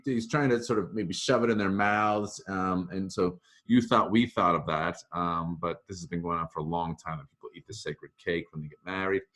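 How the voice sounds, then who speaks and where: A middle-aged man teaching a casual recorded lesson. He talks slowly in a lowish voice and rambles, pausing and correcting himself as he goes. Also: fairly bright tone. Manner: chatty, rambling, self-correcting. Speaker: Latin teacher.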